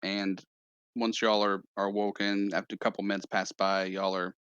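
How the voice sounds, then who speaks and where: A man's voice: low voice, level tone, moderate pace, fairly bright tone, clear, resonant tone, no room sound, dull audio. A man narrating as game master of a tabletop game in a loose, rambling way with many fillers.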